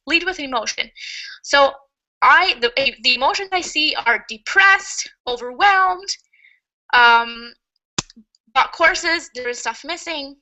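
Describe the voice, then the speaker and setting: A woman's voice: sits high, sharp tone, rough recording. A woman teaching a webinar lesson in an upbeat, chatty way, laughing often. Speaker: online marketing coach.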